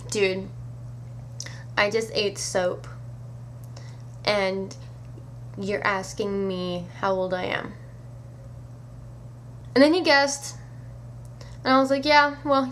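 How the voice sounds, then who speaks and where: A woman vlogger telling a story to camera in a casual, animated way, incredulous and swearing offhand. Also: mid-range voice, a little hiss or hum.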